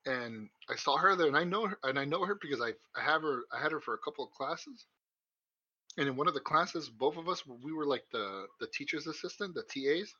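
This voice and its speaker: A man's voice: fairly high pitch, lively intonation, fairly quick, bright, forceful tone, slightly rough, no room sound. A young man co-hosting a podcast, rambling through crude stories with lots of swearing and laughter. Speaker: podcast co-host. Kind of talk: casual chat. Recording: muffled lo-fi recording.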